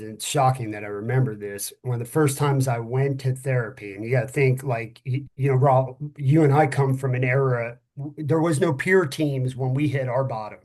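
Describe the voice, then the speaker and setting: A middle-aged man, a former police officer, talking frankly and a little tiredly, often pausing to find his words and swearing casually. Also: mid-range voice, a little mellow. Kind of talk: candid conversational podcast talk.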